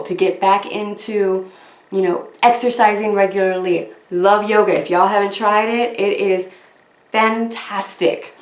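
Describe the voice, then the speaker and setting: A woman with a lilt talks casually to her viewers and rambles along while joking at her own expense. Her voice sits at an ordinary, middle pitch. The sound bounces around a reverberant room. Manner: chatty, rambling, self-deprecating. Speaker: crafting channel host. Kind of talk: casual talk to camera. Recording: echoey room.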